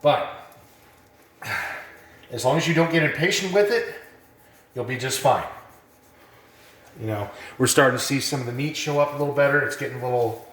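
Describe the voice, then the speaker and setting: A man gives a relaxed, rambling how-to lesson in a kitchen, full of fillers and asides. He sounds a little out of breath. The room is echoey around his mid-pitched voice. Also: normal speed, pauses often. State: a bit out of breath. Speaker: cooking instructor. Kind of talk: casual how-to demonstration.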